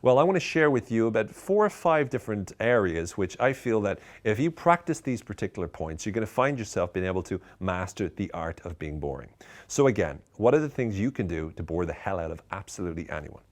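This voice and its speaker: Deep-voiced man giving a wry lesson. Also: fairly quick. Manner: ironic, lively, emphatic delivery. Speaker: speaker teaching communication skills. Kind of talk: tongue-in-cheek lesson to camera.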